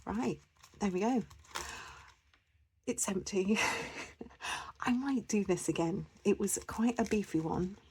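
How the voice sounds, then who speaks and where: Slow, chatty woman vlogger. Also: medium pitch, a little mellow, slight background noise. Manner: chatty and rambling, with frequent fillers and restarts. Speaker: budgeting vlogger. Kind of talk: casual chat to camera.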